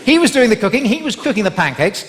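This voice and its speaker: Performing stand-up in a big live theatre, this English comedian from the West Country speaks fast in a high-pitched, sing-song voice. He banters with the crowd and needles them with tag questions, amid background noise and laughter in the live hall recording.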